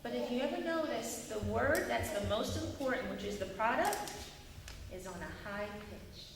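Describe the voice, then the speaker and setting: A woman leading an acting workshop, animated and quizzing her class with questions, heard from afar in an echoey hall. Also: a little high, moderate pace. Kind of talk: classroom teaching. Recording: echoey hall, mic far off, faint noise.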